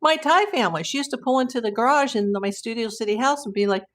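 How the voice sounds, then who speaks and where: A woman's voice: a little high, animated, fast talker, a bit bright. A woman hosting a casual live stream, telling rambling anecdotes and laughing often. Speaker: host of a live YouTube channel.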